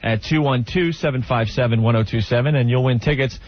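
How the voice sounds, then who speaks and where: A man hosting a radio show, brisk and plugging promos. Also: mid-range voice, slight background noise. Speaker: radio host. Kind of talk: morning radio banter. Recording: dull FM radio sound with music bed.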